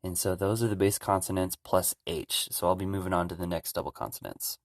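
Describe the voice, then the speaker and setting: Young man, deep voice, casual language lesson, relaxed explaining, dry close sound. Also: no echo. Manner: relaxed, repeats sounds slowly and loudly to demonstrate. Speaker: language teacher.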